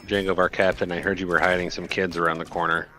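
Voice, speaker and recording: A man's voice: low voice, little pitch movement, fast, pushed and bright. A man teasing friends with goofy asides in casual voice chat while gaming. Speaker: gamer co-host.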